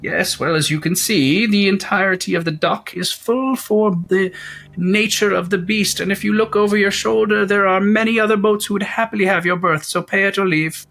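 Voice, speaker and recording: Man doing a high haughty tax collector. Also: normal speed, creaky, fairly bright tone. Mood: officious. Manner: haughty, officious. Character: fussy jewel-laden male tax collector, greedy.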